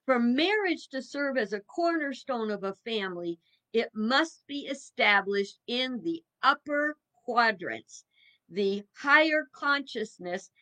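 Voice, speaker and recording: A woman in her seventies talks slowly and unhurriedly as a minister giving an evening talk. Her voice sits a little high and sounds bright and clear. Her manner is folksy and musing, with chuckles along the way. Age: 70s.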